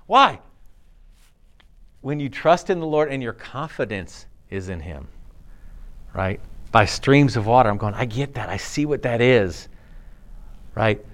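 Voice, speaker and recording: A male pastor in his thirties delivers a sermon as if chatting with friends. He acts out little dialogues, laughs often and swings his voice up and down, sitting a bit higher than most men. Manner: animated, conversational, acts out quotes, laughs often.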